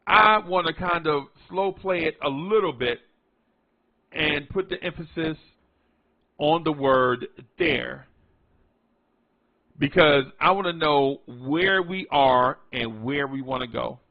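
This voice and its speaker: In a creaky, fairly high voice, this man takes his time discussing his basketball team in a casual vlog, repeating points and lengthening words for emphasis. He's from the New York tri-state area, and the recording lacks high frequencies.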